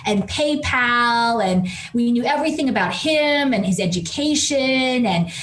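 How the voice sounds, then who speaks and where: A woman professor telling a story as a podcast guest, animated and quick, with many fillers. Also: on the high side. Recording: roomy echo with faint noise.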